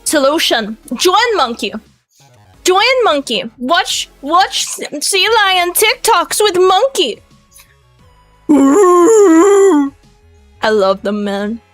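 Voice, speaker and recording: A woman with an Australian accent chatting on a live stream, energetic, loud and rambling. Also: very high-pitched, takes it slowly, no room sound, soft background music, poor audio. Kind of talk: casual live-stream chat.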